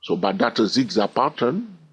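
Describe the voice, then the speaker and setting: With a medium-pitched, husky and slightly bright voice full of big pitch swings, a trading instructor walks through a chart lesson at a measured pace. He's repetitive, keeps asking "all right?", and sings out the wave counts.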